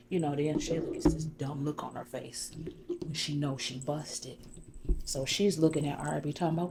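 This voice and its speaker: A woman's voice: sits low, fairly even intonation, moderate pace, background noise. A woman doing an ASMR salon role-play, telling gossip as a chatty storyteller full of "you know.". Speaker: ASMR creator.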